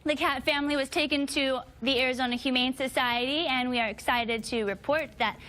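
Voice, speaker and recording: A woman host with a bright, polished delivery, reading scripted segments about rescued pets. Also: sits high, fairly even intonation, brisk.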